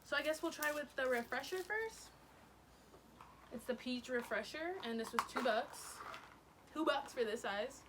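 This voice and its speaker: A woman's voice: high-pitched, a little slow, long pauses. A young woman chatting casually on her vlog, bubbly and rambling with lots of "like"s, recorded in a car. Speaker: vlogger. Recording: steady background noise, vehicle sounds.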